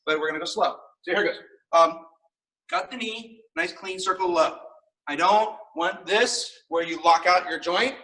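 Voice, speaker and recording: A man's voice: sits high, expressive, normal speed, bright, forceful tone, far from the mic, rough recording. A man teaching a martial arts class on video, upbeat and coaching as he counts out the kicks.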